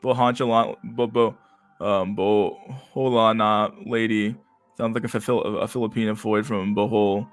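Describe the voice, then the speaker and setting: A man's voice: on the low side, fairly even intonation, unhurried, clean tone, no echo, faint music behind. A man streaming casual commentary, reading comments aloud in a rambling, stammering way with frequent laughter.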